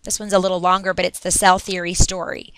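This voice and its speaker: Bright, crisp woman teaching a lesson. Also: lowish voice, flat delivery, fast, dry recording. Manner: upbeat, chatty, with asides. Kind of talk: recorded classroom lesson.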